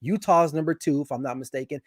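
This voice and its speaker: Man, high voice, dry close sound, opinionated sports talk, animated, restarts a lot. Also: quick pace, dry recording. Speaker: guest sports commentator. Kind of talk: casual sports chat.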